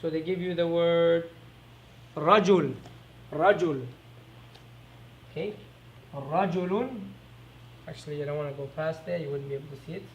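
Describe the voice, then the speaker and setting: A man teaching an Arabic lesson, repeating each word slowly and asking quick rhetorical questions as he writes on a board. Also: on the high side, muffled recording, slight background noise. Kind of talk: recorded classroom lesson.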